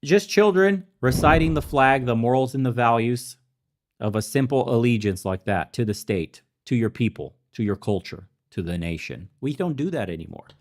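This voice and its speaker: Here a man hosts a podcast in the Balkans, his medium-pitched voice animated and moving at normal speed. The immigrant to America rants profanely, with plenty of cursing and angry flare-ups, occasionally chuckling at his own expense.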